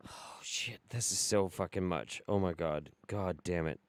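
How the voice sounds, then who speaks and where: A man's voice: low-pitched, unhurried, dry recording. A man hosting a reaction commentary show, swearing freely and breaking into incredulous laughter. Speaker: host.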